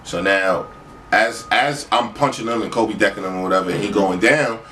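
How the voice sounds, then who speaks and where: A man telling a street story in casual talk, acting out other people's lines in a high voice. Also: normal speed, bright, forceful tone. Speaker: storyteller on a podcast. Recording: far from the mic, faint noise.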